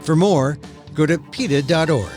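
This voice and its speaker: A man hosting a podcast, reading a scripted outro in a steady announcing manner. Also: fairly high pitch, normal speed. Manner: steady, read-aloud announcing. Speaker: podcast host. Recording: studio voice-over with music bed.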